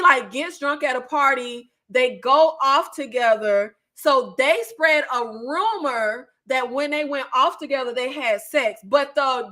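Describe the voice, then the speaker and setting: A young woman talks loosely through her favorite overlooked films. Her voice sits high and bright, full of fillers, asides and easy laughs. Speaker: movie review YouTuber. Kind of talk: casual movie recommendations.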